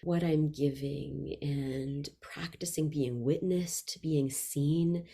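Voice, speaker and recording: A woman vocalist and voice workshop leader talking in an interview, expressive and shifting freely in loudness and pace. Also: low-pitched, slow pace, vocal fry. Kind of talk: reflective interview conversation.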